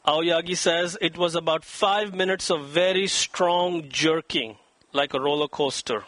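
A man's voice: a bit bright, dry recording. A man preaching a sermon, telling a story and reading scripture, acting out quoted speech with dramatic emphasis. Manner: dramatic, acts out quoted voices with rising pitch. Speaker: pastor.

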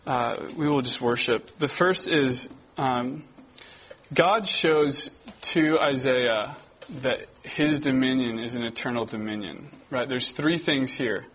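A young man giving a casual, conversational sermon, often restarting his sentences and getting animated as he tells stories. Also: medium pitch, slow pace, a little hiss or hum, rough recording. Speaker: preacher. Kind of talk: casual sermon to a youth group.

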